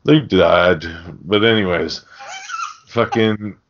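Recapping a film on his podcast, a man chats casually, swearing freely and wandering off on tangents. His voice sits on the low side and is very animated but slow, captured in dull, lo-fi podcast audio.

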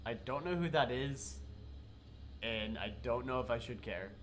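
Sick, lively male streamer. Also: mid-range voice, a little slow, slight background noise. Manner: swears and yells at the game, chats with chat. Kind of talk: live gameplay commentary.

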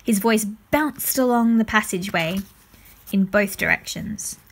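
A woman reading a children's book aloud, narrating chapter by chapter in a calm, even way. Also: medium pitch, a little slow, slight background noise. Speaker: storyteller.

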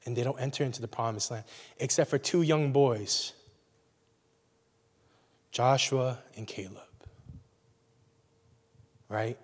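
A man's voice: medium pitch, slow, long pauses, slightly rough. A young man preaching a sermon as a pastor in a conversational way, often checking in with "right?". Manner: conversational, frequent "right?" asides. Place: church sanctuary. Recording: long reverb of a church hall.

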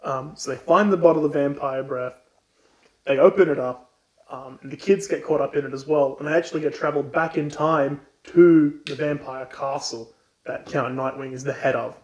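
A podcast co-host casually retells a book in an irreverent, profane way. His voice is a little high and darkish in tone, with fairly even intonation and a moderate pace, and the recording has a roomy echo.

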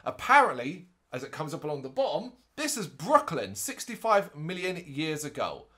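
A man with a voice a little higher than most men's co-hosts a casual film review podcast. He recaps scenes in an animated way and slips into brief put-on voices for quick jokes. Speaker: podcast co-host. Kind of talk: casual movie review chat.

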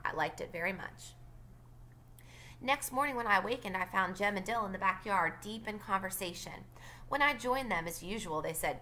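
A woman teacher reads a novel aloud to her class and stops now and then to explain. Her voice is bright and her intonation lively. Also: medium pitch, moderate pace. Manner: plain reading with brief explanatory asides.

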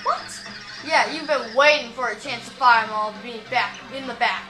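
Girl doing a bratty monster king, shouty and whiny, high voice, game music going and a roomy echo. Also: moderate pace, close to an everyday voice. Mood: indignant. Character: blustering hot-tempered male turtle-monster king.

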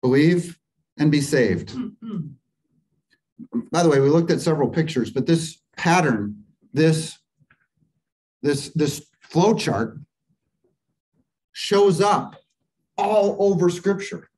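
A man's voice: a little high, animated, slow pace, pauses often, a little mellow, poor audio. A man teaching a church Bible class. He walks through Greek grammar step by step and keeps asking the class questions. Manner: asks the class questions and waits for answers.

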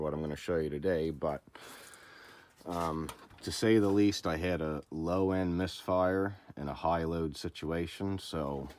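A man's voice: low voice, slight background noise. A man hosting a casual how-to video, explaining a repair in a laid-back, rambling, plain-spoken way. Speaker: channel host showing car diagnostics.

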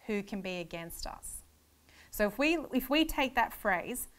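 A woman teaching a Bible lecture, her voice sitting at an ordinary middle pitch. She lays out numbered points earnestly and explains each one step by step. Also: lively intonation, normal speed, clear, resonant tone.

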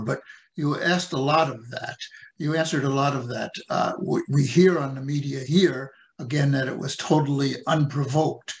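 A man, the co-host of an online discussion, putting a long question to his guest in a halting way with many fillers. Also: mid-range voice, vocal fry. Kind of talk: interview question.

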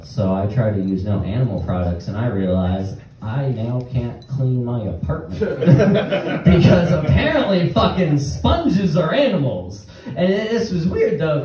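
A young man doing a rambling stand-up set with halting restarts and nervous laughs before a small live audience. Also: medium pitch, mellow. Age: young adult. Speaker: stand-up comedian. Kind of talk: open-mic stand-up set. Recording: very echoey room, distant mic, faint noise.

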